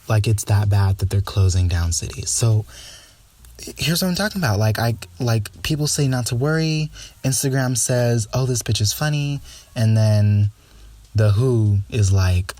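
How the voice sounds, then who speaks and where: A young man chats alone on his podcast in a sassy, gossipy monologue. His voice sits fairly low and sounds warm and relaxed, and he fills his talk with lots of filler words. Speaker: podcast host. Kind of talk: casual solo podcast monologue.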